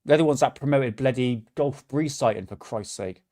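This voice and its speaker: Medium-pitched and dark in tone, this man's voice keeps a moderate pace. He hosts a reaction livestream, ranting with exasperation, cursing, and stumbling through restarts.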